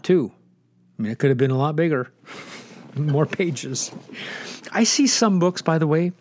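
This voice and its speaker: A middle-aged male pastor hosting a radio show, slightly hoarse, chatting casually and rambling with self-corrections. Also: mid-range voice, dry recording. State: slightly hoarse, losing his voice.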